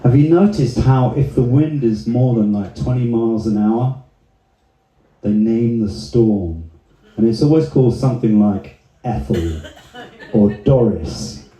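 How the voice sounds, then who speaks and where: A man's voice: medium pitch, unhurried, dark tone. A man performing a stand-up comedy set, telling profane, laid-back stories to a live audience on a club stage. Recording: echoey live venue.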